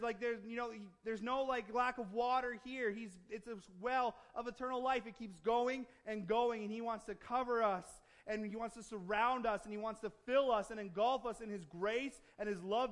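A man preaching a sermon to his church, moving from relaxed, joking conversation to emphatic, building declarations. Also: high voice. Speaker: pastor.

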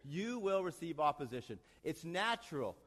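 A man's voice: on the high side, big pitch swings, normal speed, a bit bright. A man, a church leader preaching a sermon in a plain, direct, self-deprecating way. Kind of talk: sermon with a joke and prayer. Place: church hall. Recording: long reverb of a church hall.

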